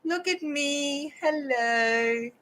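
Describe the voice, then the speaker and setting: A woman with an Australian accent voicing her young male cat as a cocky, boastful tough guy, in a high put-on voice. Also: drawn-out words, fairly bright tone, slight background noise, exaggerated voice. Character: cocky young tomcat showing off.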